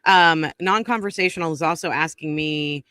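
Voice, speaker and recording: A woman's voice: sits low, moderate pace, fairly bright tone, no echo. A woman from New England hosting a podcast, easygoing and self-deprecating in casual chat. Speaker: podcast host.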